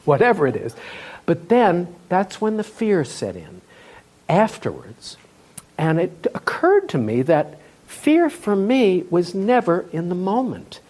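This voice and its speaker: A man telling a humorous story on stage as a live storytelling performance, in an animated way with laughs in his voice. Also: a little high. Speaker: storyteller, tour guide. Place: festival stage before an audience.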